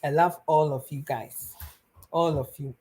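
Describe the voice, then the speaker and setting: A young Ghanaian woman hosting a live stream speaks in a low-pitched, dark voice with a steady tone and measured pace. Her casual advice to viewers is earnest and pleading, and she switches between Twi and English.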